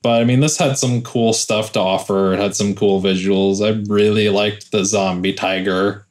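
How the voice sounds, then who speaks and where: A man's voice: lowish voice, steady tone, normal speed. A man on a casual film podcast, laid-back and hesitant with lukewarm opinions. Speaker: podcast panelist.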